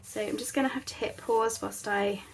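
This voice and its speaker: A woman's voice: medium pitch, fairly even intonation, normal speed. A woman hosting a casual craft tutorial, chatting in a rambling, self-deprecating way at her craft table at home. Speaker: crafting channel host.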